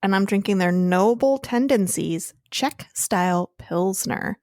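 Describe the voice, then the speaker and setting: A woman with a mid-pitched voice co-hosts a podcast in easygoing chat, playful and quick to laugh. She swears freely, and her voice sounds dry and close to the mic. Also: lively intonation, a little mellow, dry recording. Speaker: podcast co-host. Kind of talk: casual chat.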